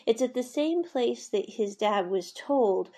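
A woman's voice: fairly high pitch, expressive, measured pace, warm tone. A woman casually recapping a drama episode, retelling scenes in a chatty, rambling way with lots of fillers. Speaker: series recap reviewer.

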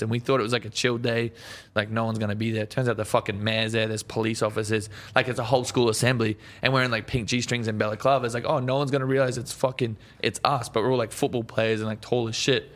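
A young Australian man chatting as a podcast guest, cheeky and slangy, swearing and saying "bro" all the time. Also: lowish voice. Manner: slangy and profane, says "bro" constantly; cheeky and excitable. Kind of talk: casual chat.

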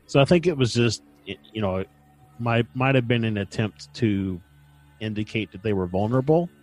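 A man's voice: on the low side, normal speed, a little mellow, faint music behind. A man hosting a casual podcast, recounting events with dry humor and frequent fillers. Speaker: podcast host. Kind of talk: casual chat and storytelling.

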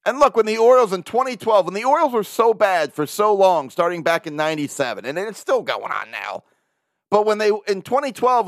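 Lively-voiced man hosting a podcast. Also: high voice, no echo, clean studio sound. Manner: animated, self-mocking, chuckles often. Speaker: podcast host. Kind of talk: casual monologue.

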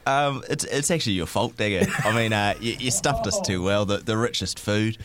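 Sheepish young New man, lowish voice. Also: expressive, moderate pace, a crowd in the background. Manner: sheepish, laughing it off. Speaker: radio team member. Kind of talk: casual chat.

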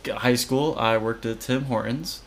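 A man's voice: medium pitch, normal speed. A man co-hosting a podcast in casual chat, laid-back and teasing, laughing often. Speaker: podcast co-host.

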